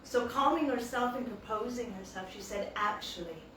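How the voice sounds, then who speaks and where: Casting: woman storyteller, animated devotional talk, distant mic, faint background hum. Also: a little high, moderate pace. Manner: animated, acts out quotes. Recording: echoey hall, distant mic.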